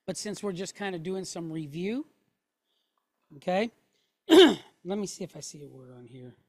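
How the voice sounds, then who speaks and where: A woman's voice: on the low side, animated, a little slow, a little mellow, no room sound. A middle-aged woman teaching a Hebrew class, explaining step by step and checking in with the room after each point. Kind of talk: classroom lesson.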